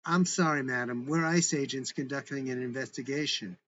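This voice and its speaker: A man's voice: mid-range voice, moderate pace, fairly bright tone, a little hiss or hum, natural voice. A brusque, formal federal agent, voiced by a man. He gives orders in clipped, stiff phrases. The recording is muffled and lo-fi.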